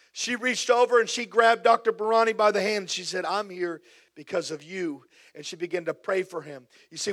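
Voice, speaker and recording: Male pastor, middle-aged, high voice, repetitive fervent preaching. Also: a bit bright. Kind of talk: sermon with prayer.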